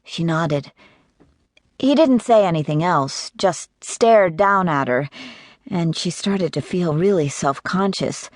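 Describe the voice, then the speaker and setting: Slow, low-voiced woman narrating. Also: dry recording, studio quality. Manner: measured, even reading. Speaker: audiobook narrator. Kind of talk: scripted romance narration.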